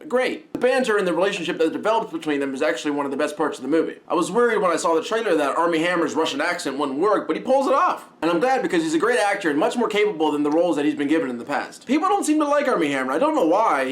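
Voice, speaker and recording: Male film reviewer, rapid, chatty, slightly high voice, enthusiastic delivery. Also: a bit bright. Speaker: film reviewer, channel host. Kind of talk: casual movie review.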